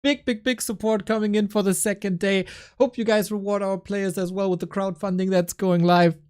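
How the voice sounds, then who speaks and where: A man's voice: high voice, little pitch movement, normal speed, darkish tone, clean tone. A man casting a live esports stream, teasing his co-hosts and reading out viewer support with playful energy. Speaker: esports caster.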